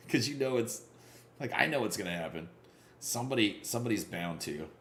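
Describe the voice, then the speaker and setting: A man hosting a casual live game stream, greeting viewers by name and reacting loudly to big plays. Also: fairly low pitch, lively intonation, a little fast, reverberant. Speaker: livestream gamer.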